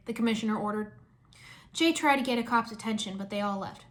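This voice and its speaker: A woman reading a fan fiction story aloud in a lively storytelling manner. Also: medium pitch, fast.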